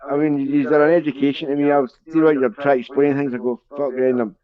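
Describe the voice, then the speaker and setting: A man's voice: mid-range voice, flat delivery, fast talker. Scottish man, casual street chat, sweary, rambling, muffled sound, crowd behind. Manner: sweary, rambling joke-teller.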